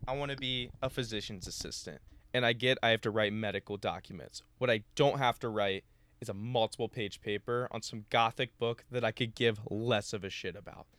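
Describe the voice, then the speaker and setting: A young college guy with a smooth, clean voice and a lowish pitch, talking loosely and swearing freely. He tells stories in a lively way and plays out the dialogue as he goes. The sound is close and dry. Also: brisk, no room sound. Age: young adult. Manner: animated storytelling, acting out dialogue, swears freely. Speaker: podcast co-host, college student. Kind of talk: casual chat.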